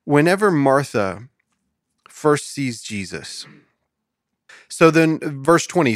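A man hosting a podcast Bible study, reading scripture slowly and asking his guest questions. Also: on the high side, sing-song, no echo, studio quality. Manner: reads scripture aloud slowly, asks questions, laughs easily. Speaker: podcast host. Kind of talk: casual Bible study discussion.

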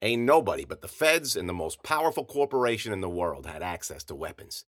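A man narrating a first-person story in a wry, hard-boiled deadpan. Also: sits low, brisk.

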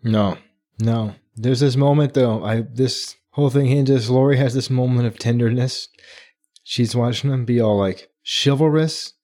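A man with a mid-range voice chatting casually on a podcast. He retells scenes animatedly, slipping into quick acted-out lines and laughing as he goes. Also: mid-range voice, steady tone, dark tone. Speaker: podcast co-host. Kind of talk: casual book discussion.

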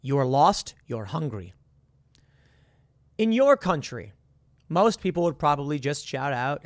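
A man's voice: on the high side, sing-song, a little slow, pauses often, no echo. Earnest man, dry close mic. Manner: earnest, repetitive, rhetorical questions. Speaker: commentator. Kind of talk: casual monologue with hypotheticals.

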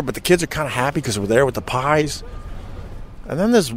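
A middle-aged man hosting a podcast, telling an old radio story in a profane, emotional, animated way. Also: fairly low pitch, a little fast, slight background noise. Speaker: podcast host and former radio host. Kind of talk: casual storytelling.

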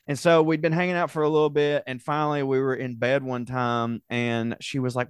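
A man in his thirties, co-hosting a podcast and telling a crude comedic story with profane, animated delivery. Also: medium pitch, brisk, clear, resonant tone, dry recording, studio quality. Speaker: podcast co-host. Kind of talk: casual comedic chat.

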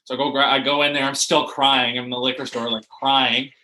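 A young man casually telling a story, animated and full of filler words, often acting out what people said. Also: mid-range voice, fairly quick, a little hiss or hum, rough recording. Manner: animated, swearing, many "like" fillers, acts out quotes. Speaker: rugby player, guest.

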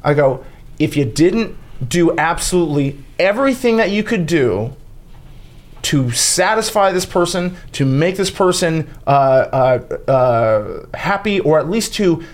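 A podcast co-host, a man whose voice sits a bit higher than most, talks his way through stories in casual chat. He rambles with plenty of "like" and false starts. He slips into quoted voices of the people he talks about. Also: animated, measured pace. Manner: rambling, many fillers and restarts, acts out quotes.

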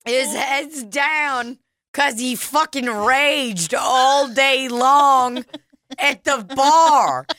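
A young woman co-hosting a casual chat, spinning animated, profane stories and laughing as she goes. Her voice is bright and forward. The sound is dry and close, with no room around it. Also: high-pitched, very slow, no echo. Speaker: podcast co-host.

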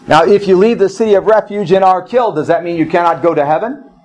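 Man preaching a sermon, higher voice. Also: rough recording. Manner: preaching with repeated phrases, telling personal stories. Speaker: pastor.

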